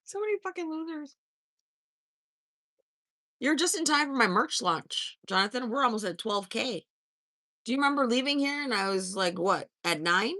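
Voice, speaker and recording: A sassy woman in her fifties who chats with live viewers in a blunt, cussing way. Her voice is bright and edgy, and her pitch swings a lot. The sound is close and dry. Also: expressive, normal speed, long pauses, dry recording. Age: 50s. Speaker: livestream host. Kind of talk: casual live-stream chat, answering viewer comments.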